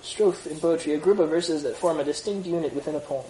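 A man leads a small Bible study group, reading passages aloud steadily and stopping to chat and explain in casual discussion. His mellow voice is a little high and quick-paced, picked up by a distant mic in a roomy space.

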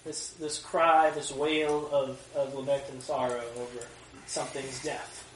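Man teaching a Bible class in a roomy room. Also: mid-range voice. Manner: animated, reads scripture slowly and wails the word oi. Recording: roomy classroom from a distance, faint noise.

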